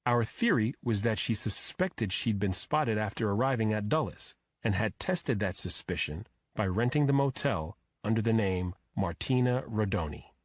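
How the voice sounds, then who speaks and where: A man narrating a first-person crime thriller audiobook in a steady, measured way. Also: on the low side, no echo, studio quality.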